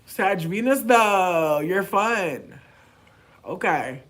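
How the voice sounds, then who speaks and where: Lively, foul-mouthed man vlogging casually. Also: high-pitched, extremely slow. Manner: animated and profane, swinging from loud outbursts to mumbled asides. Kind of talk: casual chat to camera.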